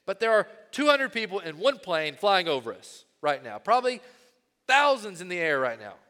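Male pastor, bright and forceful tone, animated sermon delivery, long hall reverb. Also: sits high, normal speed. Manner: animated preaching, swings from loud to hushed.

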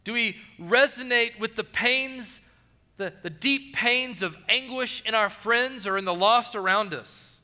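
A male pastor preaching with a high, bright voice. He is earnest, repeats his key phrases and sinks soft and low on quoted lines. The sound rings in a reverberant church hall. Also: unhurried. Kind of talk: sermon.

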